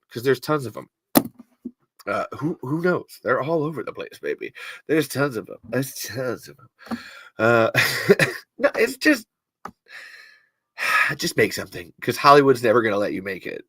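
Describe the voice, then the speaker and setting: A man hosting a casual livestream podcast, reading out viewer comments, talking in an animated and testy way and swearing freely. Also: mid-range voice, dry recording, clean studio sound. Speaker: podcast host.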